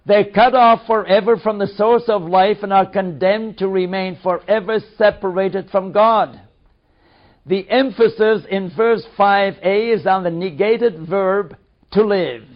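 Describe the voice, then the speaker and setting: A man reading a study text aloud in a measured, deliberate way. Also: high voice. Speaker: reader. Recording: dull lo-fi recording.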